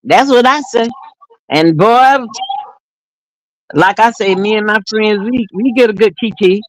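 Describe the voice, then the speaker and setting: A woman's voice: medium pitch, unhurried, no room sound, rough recording. Toothless seventy-something woman, salty and joking. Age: 70s. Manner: salty, joking, laughs often. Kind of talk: casual chat.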